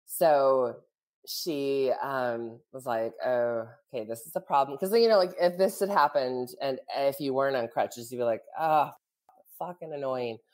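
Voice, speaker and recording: Woman podcast co-host, very deep voice, chatty storyteller, laughs often. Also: a little slow, darkish tone. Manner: chatty, full of "like" and "you know", laughs often. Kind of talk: casual storytelling chat.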